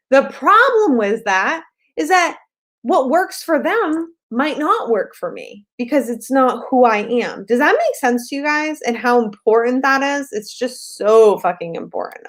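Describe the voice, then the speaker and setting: A woman business coach talking straight to her audience in a casual, blunt way, swearing often and repeating points for emphasis. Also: a little high. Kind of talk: casual talk to camera.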